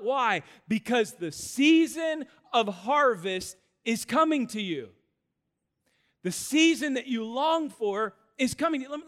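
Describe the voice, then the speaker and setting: A man in his thirties preaching a sermon in a church auditorium, telling stories in an animated way with self-deprecating humor. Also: very high-pitched, in a large hall. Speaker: pastor.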